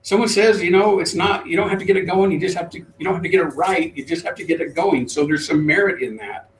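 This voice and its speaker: A middle-aged man, a trainer, telling a lively story to a live group and acting out the voices. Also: a little high, fast, a little hiss or hum. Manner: animated storyteller, acts out voices. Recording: roomy, distant mic.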